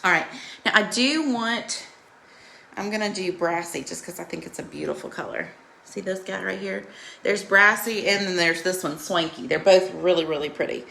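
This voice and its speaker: A woman's voice: on the low side, normal speed, vocal fry, bright, forceful tone, a little hiss or hum. A woman hosting a live makeup tutorial, chatting and greeting viewers by name while coaching them through each step in a reassuring way.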